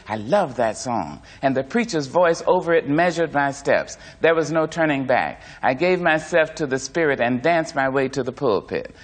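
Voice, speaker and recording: A man reading a first-person memoir aloud in a measured, expressive way. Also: mid-range voice. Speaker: narrator.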